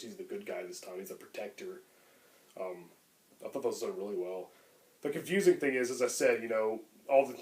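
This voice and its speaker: A man's voice: fairly low pitch, a little mellow. A man co-hosting a podcast, talking casually and enthusiastically about films, rambling with lots of fillers. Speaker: podcast co-host. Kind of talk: casual chat.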